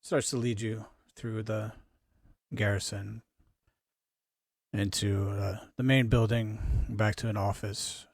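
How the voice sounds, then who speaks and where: Slow, low-voiced male game master. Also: no room sound, clean studio sound. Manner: relaxed, with fillers. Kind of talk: narrating a tabletop game.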